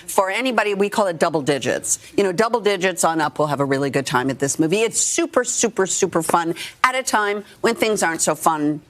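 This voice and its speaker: A woman's voice: fairly low pitch, expressive, fairly quick, few pauses, fairly bright tone. A woman in her sixties, an actress speaking frankly and emphatically as a guest on a morning TV interview. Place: TV studio.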